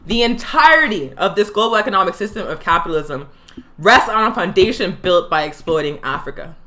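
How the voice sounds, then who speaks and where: A woman hosting a live political education show, speaking with fiery emphasis and slowing down to hammer home her points. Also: medium pitch, bright, forceful tone. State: tired. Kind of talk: impassioned political commentary. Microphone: livestream.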